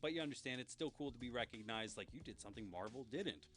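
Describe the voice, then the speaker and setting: A man's voice: medium pitch, lively intonation, fast talker, soft background music. A young man hosting his own pop culture news show, chatting in a rambling, enthusiastic way. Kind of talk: casual solo show.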